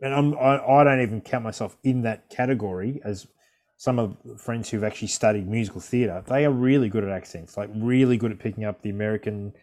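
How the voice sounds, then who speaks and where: A man, a stage actor, chatting in a relaxed podcast interview, often laughing and restarting his sentences. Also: fairly low pitch, fairly quick.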